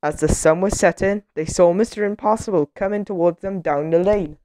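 A woman reading a children's picture book aloud in a gentle, expressive storytelling manner. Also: fairly low pitch, brisk, slight background noise.

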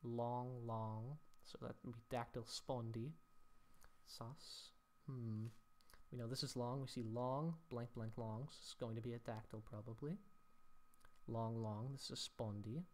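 A man teaching Latin poetry scansion, thinking aloud as he works through each line, with mock-dramatic sighs at the rule-breaking. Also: mid-range voice.

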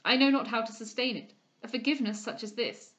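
A woman reading aloud, voicing a passionate, remorseful young gentleman lover in a slow, declamatory way. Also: fairly high pitch, steady tone, natural voice. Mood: impassioned.

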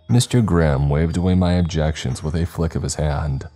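A man reading a scripted horror story in a slow, measured way. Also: extremely low pitch, fairly even intonation, dark tone, soft background music.

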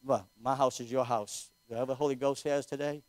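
A man's voice: mid-range voice, fairly even intonation, fairly quick, a little mellow, no echo. A man, a local pastor taking an offering and praying fervently, repeating amen often. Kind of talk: sermon offering and prayer. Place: church sanctuary.

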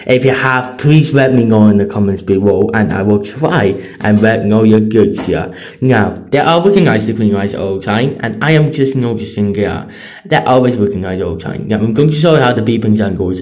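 A man giving casual, enthusiastic commentary on traffic lights, repeating himself often. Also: darkish tone. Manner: repetitive, enthusiastic, jumping pitch. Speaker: vlogger.

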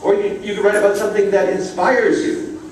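Chirpy bird teacher, female, encouraging and sing-song, voiced by a man, high and lifted, echoey room from far off. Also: flat delivery, a little fast, a little hiss or hum, close to an everyday voice.

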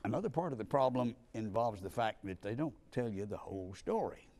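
A man with a lowish voice delivers a lecture in a conversational, argumentative way. He leans hard on key words to drive each point home. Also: lively intonation, a little fast, darkish tone. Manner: emphatic, argumentative, punchy stresses on key words.

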